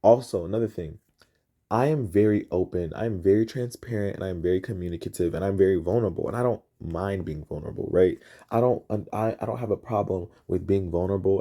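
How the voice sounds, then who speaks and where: A man hosting a podcast, ranting in a profane, emphatic and repetitive way, his pitch jumping up as he gets excited. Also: quick pace. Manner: rising pitch when excited. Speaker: podcast host. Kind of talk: heated storytelling rant.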